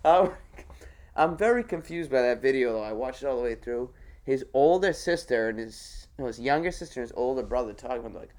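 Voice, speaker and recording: Man, podcast guest, swearing a lot, loose storytelling, mid-pitched. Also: lively intonation, brisk, a little mellow. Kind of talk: casual chat.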